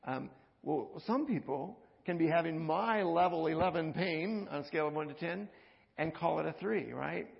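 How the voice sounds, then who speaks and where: A man preaching a conversational sermon, repeating words and swinging from loud, urgent passages to hushed ones. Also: a little high, gravelly, long reverb tail, dull audio. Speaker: pastor.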